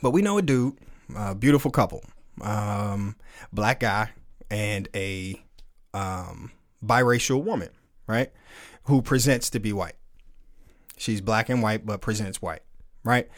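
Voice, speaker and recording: A man in his forties hosting a casual podcast, telling stories in an animated, profane way and laughing often. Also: on the low side, unhurried, pauses often. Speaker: podcast host. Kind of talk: casual podcast chat with live chat.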